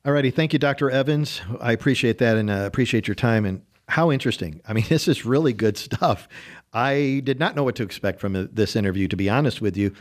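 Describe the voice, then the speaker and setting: A man's voice: mid-range voice, quick pace. A man in his sixties from western New York hosting a radio talk show, rambling and chatty with frequent laughs. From western New York State. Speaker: radio host. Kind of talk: casual on-air talk.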